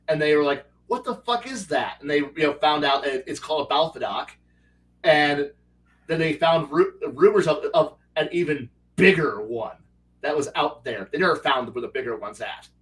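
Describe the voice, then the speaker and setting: A man's voice: fairly high pitch, normal speed, recorded from a distance, rough recording. A man telling stories from his tabletop game in casual chat, rambling with many restarts and acting out his players' lines. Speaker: game master.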